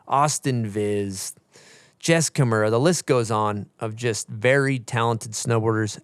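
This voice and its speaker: A man hosting a casual podcast, reading a sponsor spot and chatting with guests, upbeat and quick to laugh. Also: mid-range voice, clear, resonant tone, dry recording. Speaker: podcast host. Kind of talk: casual podcast chat and ad read. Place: small podcast studio.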